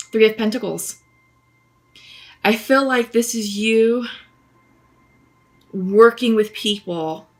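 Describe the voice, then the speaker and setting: Gentle musing woman reading tarot. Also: mid-range voice. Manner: musing, gentle, hesitant with fillers. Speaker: tarot reader. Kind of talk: spoken tarot reading to camera.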